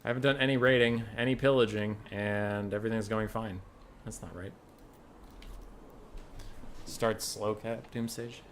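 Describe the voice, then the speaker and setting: A man's voice: fairly low pitch, fairly even intonation, a little slow, pauses often, a little hiss or hum. A man streaming a strategy game, chatting casually and joking with friends. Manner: laid-back, joking, laughs often. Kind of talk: casual gaming chat.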